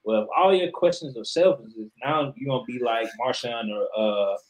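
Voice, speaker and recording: Casting: male sports podcast co-host, mid-pitched, emphatic and blunt, swears freely. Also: moderate pace, rough recording. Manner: emphatic, profane, opinionated. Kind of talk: casual sports chat.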